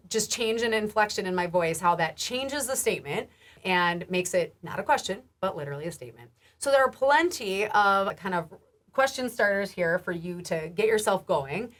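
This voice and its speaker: A woman health educator giving a recorded training lecture, casual and chatty with frequent laughs, restarts, and a rising lilt at the ends of phrases. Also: mid-range voice. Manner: casual, warm, laughs often, many restarts and fillers.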